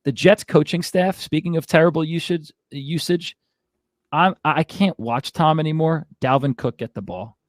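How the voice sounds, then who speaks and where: Heated male sports host, ranting to a co-host, slightly high-pitched, dry and close. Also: moderate pace, dry recording. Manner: fired-up, exasperated ranting with frequent asides. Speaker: fantasy football show host.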